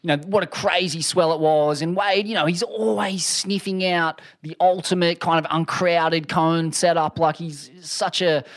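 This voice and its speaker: A man with a high voice co-hosts a podcast, telling stories in an animated yet relaxed way. He speaks in the loose rhythm of casual chat. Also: moderate pace, few pauses. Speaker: podcast co-host.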